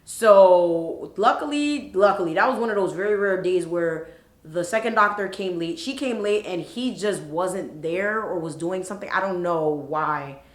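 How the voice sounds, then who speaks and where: A woman in her twenties telling a story on a vlog in an animated, profane, expressive way. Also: lowish voice, normal speed. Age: 20s. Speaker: vlogger. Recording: roomy echo.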